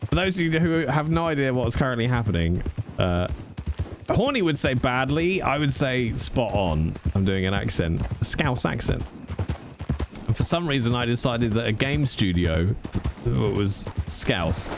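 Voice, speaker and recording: A man's voice: mid-range voice, animated, measured pace, noisy background. A man streaming live, chatting casually with viewers in a playful, rambling way and swearing freely.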